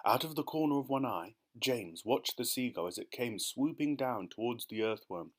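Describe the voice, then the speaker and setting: A man's voice: mid-range voice, lively intonation, normal speed. A man reading a children's audiobook as narrator, telling the story steadily and expressively. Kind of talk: scripted narration.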